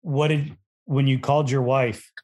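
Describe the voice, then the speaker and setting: Male interviewer, mid pitch, short plain prompts. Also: little pitch movement, normal speed, a little mellow. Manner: brief prompting questions. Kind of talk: casual interview questions.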